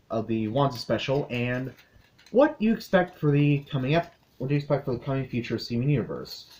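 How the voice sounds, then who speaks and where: A man's voice: medium pitch, a little mellow. Chatty young man reviewing a cartoon. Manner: chatty, quick recap with asides. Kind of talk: casual video review.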